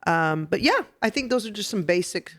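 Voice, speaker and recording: A woman hosting a podcast who teaches etiquette step by step, checking in with "okay?" and getting lively and laughing when she tells stories. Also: mid-range voice, fairly quick. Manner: instructive, explains step by step with "okay?" and "right?". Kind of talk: casual podcast chat. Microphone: podcast microphone.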